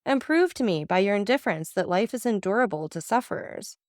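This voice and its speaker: A woman's voice: medium pitch, expressive, brisk, no echo, clean studio sound, lightly acted. A woman voicing a grieving, despairing young man in an audiobook reading, speaking in a pleading, bitter way.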